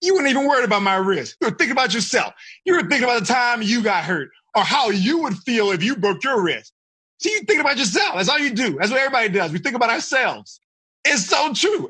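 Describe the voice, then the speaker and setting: A man teaching teenagers as a life coach, animated and teasing, calling on listeners by name. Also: sits high, husky. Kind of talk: interactive coaching talk to teenagers.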